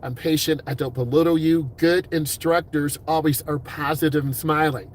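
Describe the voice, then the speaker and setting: A man's voice: on the high side, steady tone. A middle-aged man, a driving instructor, giving upbeat, encouraging advice in a casual talk. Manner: upbeat, encouraging, puts on quick voices for quoted people.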